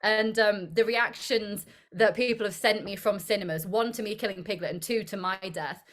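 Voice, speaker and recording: This is a young woman, an actor interviewed as a guest. She talks casually and tells her stories with animated energy, laughing often as she goes. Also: medium pitch, normal speed.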